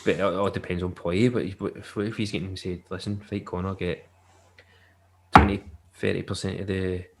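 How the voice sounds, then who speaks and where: A man's voice: sits low, level tone, normal speed, very noisy. A man co-hosting a podcast, rambling and joking in casual chat. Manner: rambling and jokey, laughs often. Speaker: podcast co-host.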